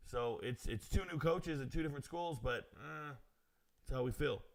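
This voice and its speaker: A man with a creaky, mid-range voice talks at a moderate pace while hosting a sports betting stream. He works through viewer comments, replying in a brash, self-assured manner full of slang and chatty asides.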